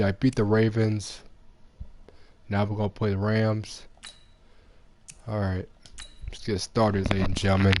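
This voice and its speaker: A man's voice: on the low side, darkish tone. A young man casually commenting on his game at home, rambling and repeating himself in slangy talk. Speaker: gamer.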